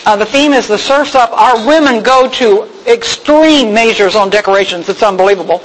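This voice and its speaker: A woman tells a personal faith story to a church group, swinging between hushed and excited as she talks. She is folksy and heartfelt, with plenty of ums and uhs. There is faint noise in the background. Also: fairly high pitch, normal speed, low-quality recording. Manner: emotional, folksy storyteller with many fillers. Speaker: speaker at a women's church gathering. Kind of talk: personal testimony talk.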